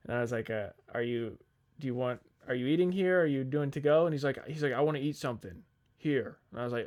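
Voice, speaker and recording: A man's voice: mid-range voice, quick pace, a little mellow. A young man on a podcast telling a long, rambling work story in casual chat, swearing freely and quoting the people in it. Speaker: podcast co-host.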